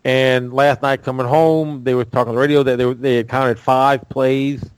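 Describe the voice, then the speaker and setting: Halting man talking sports. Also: mid-range voice, flat delivery, smooth, dry recording, poor audio. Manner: halting, repeats words while thinking. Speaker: co-host. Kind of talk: casual sports talk.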